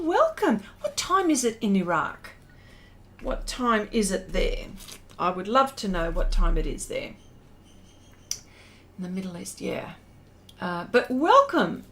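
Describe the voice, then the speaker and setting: A middle-aged woman with an Australian accent, hosting a livestream and reading out viewer comments. She talks in an unhurried, chatty way, slightly high-pitched, with lots of fillers and frequent laughs. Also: a bit bright. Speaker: art livestream host. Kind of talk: casual chat reading viewer comments while drawing.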